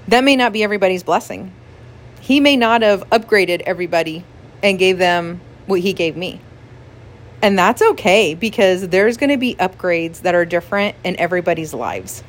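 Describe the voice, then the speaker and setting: A woman speaking as a pastor's wife in a relaxed devotional talk. Her voice sits at an ordinary middle pitch. She talks earnestly and with feeling, laughs often and leans on "like" as she speaks. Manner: emotional, earnest, frequent laughs and "like" fillers.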